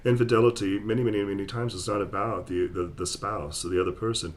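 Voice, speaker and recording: A man's voice: on the low side, steady tone, fast, slight background noise. A man hosting a casual interview as a therapist, affirming his guest with stammered restarts. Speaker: podcast host, therapist.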